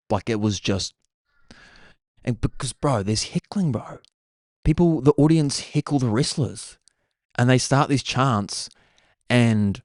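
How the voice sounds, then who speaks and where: A young man with a New Zealand accent, hosting a podcast and telling stories in an excitable, casual way. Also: mid-range voice, no room sound, clean studio sound. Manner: excitable, says "bro" constantly. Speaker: podcast host. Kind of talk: casual storytelling chat.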